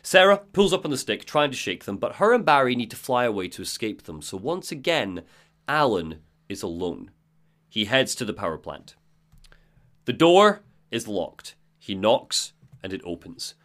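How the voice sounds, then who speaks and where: Animated man recapping a game story. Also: mid-range voice, normal speed. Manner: animated, laughs often, jumps into character voices. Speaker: podcast co-host recapping a game.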